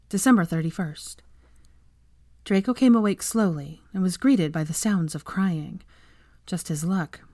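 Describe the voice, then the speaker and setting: A woman reading fan fiction aloud as an audiobook narrator, in a measured, even storytelling voice. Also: lowish voice, no echo, clean studio sound.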